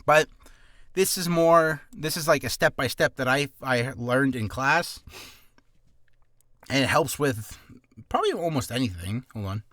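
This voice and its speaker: Casting note: nervous, quick-talking man, voice swinging high and low, close dry sound. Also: animated, a bit bright, dry recording. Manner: rambling, self-deprecating, quick-talking. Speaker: aspiring voice actor giving warm-up tips. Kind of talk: casual vlog tutorial. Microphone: camera on a stand.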